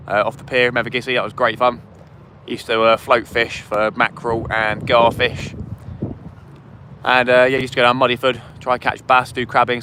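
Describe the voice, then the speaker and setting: A young man hosts a fishing livestream from a riverside, talking casually and eagerly thanking viewers. His voice is bright and forward. Traffic hums faintly outdoors behind him. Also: medium pitch. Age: 20s.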